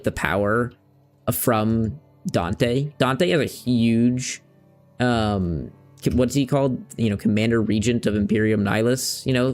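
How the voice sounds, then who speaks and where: A young man streaming a game, chatting casually and rambling, searching for words and using loose slang. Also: medium pitch. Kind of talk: casual chat while playing a game.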